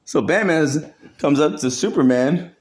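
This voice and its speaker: A man's voice: fairly high pitch, animated, unhurried. A man doing a casual comedic voiceover, laughing often and full of slang and swearing. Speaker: comedic narrator.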